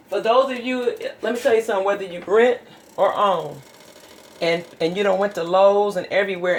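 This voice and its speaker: A middle-aged woman vlogs from her home kitchen, chatting casually and telling rambling stories. Her voice is mid-range, with background noise audible.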